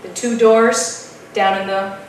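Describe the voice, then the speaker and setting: A woman telling a spooky story at an open mic, dramatic and dropping to a hush at tense moments. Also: mid-range voice, steady tone, slow, a little hiss or hum. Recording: echoey room from far off.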